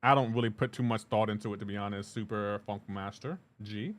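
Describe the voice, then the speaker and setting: A man's voice: on the low side, fairly even intonation, a little fast. A man live streaming a game, talking loosely with his chat and greeting viewers by name. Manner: talks to chat viewers while playing, loose and chatty. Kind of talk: casual live-stream chat reading comments.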